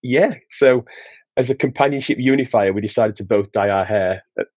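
A man with a Yorkshire accent, low and a little husky, telling anecdotes as a podcast guest. He rambles with restarts and keeps laughing through his own stories. The audio is slightly dull and lo-fi, with a dry sound. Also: fairly quick, dry recording. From England, Sheffield. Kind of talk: casual storytelling.

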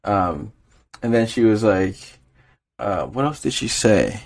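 A man's voice: on the low side, lively intonation, slow pace, vocal fry. Rambling young man telling a story. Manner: rambling storyteller, laughs often, many fillers. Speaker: podcast co-host. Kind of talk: casual podcast chat.

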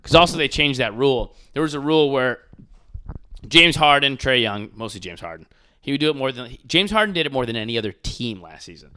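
Animated, profane man ranting on a podcast. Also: mid-range voice, fairly quick, clean tone, no room sound. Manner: animated, profane, mocking impressions. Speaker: podcast host. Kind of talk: casual podcast rant.

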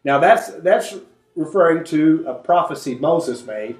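A man leading a conversational Bible study, animated and acting out the voices he quotes. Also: on the high side, a little slow, echoey room, recorded from a distance. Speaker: Bible teacher.

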